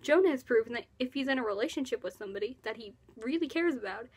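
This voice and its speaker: A woman's voice: fairly high pitch, animated, fast, a little mellow, slightly rough. Giggly young woman gushing about a show. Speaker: vlogger. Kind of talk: casual fan commentary.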